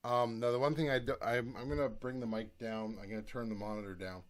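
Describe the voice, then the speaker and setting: A man's voice: medium pitch, fairly even intonation, a little fast. A man talking casually in a home recording vlog, thinking aloud as he demonstrates his gear at his desk.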